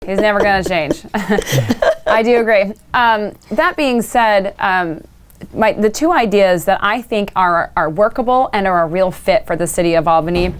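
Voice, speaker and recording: Woman candidate, smooth crisp voice, talks easy and lively. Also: mid-range voice, normal speed. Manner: fluent and animated, with asides. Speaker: mayoral candidate. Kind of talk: candidate forum answer.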